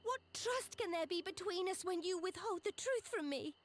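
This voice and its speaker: Young regal sultana, earnest and resolute, high, formal diction. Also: female voice, expressive, moderate pace. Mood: hurt. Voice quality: formal, archaic speech. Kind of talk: video game cutscene acting. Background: game music.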